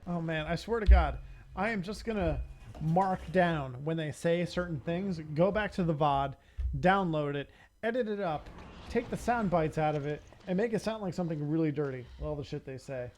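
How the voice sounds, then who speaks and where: A man streaming a video game, chatting casually, swearing and reacting out loud as he plays. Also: fairly high pitch, expressive, moderate pace, a little hiss or hum. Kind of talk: casual gameplay commentary.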